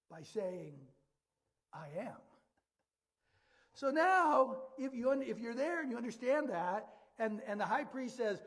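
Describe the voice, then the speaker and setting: A man's voice: very high voice, animated, a little slow, pauses often. A man preaching a sermon in a conversational way, often repeating words and asking the audience questions. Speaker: pastor.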